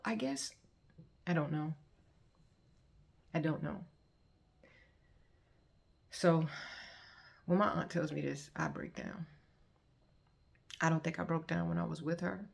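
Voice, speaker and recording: A woman's voice: low-pitched, vocal fry. A woman vlogger sharing her personal testimony in a conversational, earnest storytelling manner, acting out what other people said. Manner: earnest, heartfelt, acts out quoted people.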